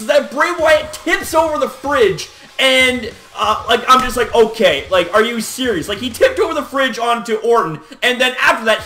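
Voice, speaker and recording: A man with a very high, bright voice rants through a casual wrestling recap. He talks in lively swings of pitch, swears freely and laughs in disbelief. The sound is roomy and echoey.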